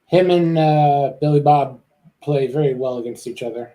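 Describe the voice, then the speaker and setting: A man with a somewhat high but mellow voice joins a casual TV discussion. He speaks in a measured way and calmly disagrees with the host. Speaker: panelist on a review chat. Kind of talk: casual chat.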